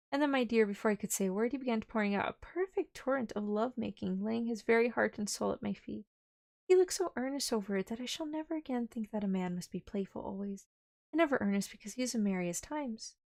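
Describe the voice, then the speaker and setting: A woman's voice: medium pitch, creaky, a little mellow. A woman streamer reading a classic novel aloud, breaking off for playful asides and giggles. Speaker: vtuber streamer.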